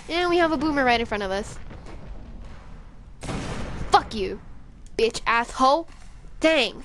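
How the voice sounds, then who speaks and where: A young woman streaming a game, with a high, bright-pitched voice and jittery, profane, excitable commentary. A faint hiss sits under her voice. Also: measured pace, long pauses. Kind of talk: frantic gameplay commentary.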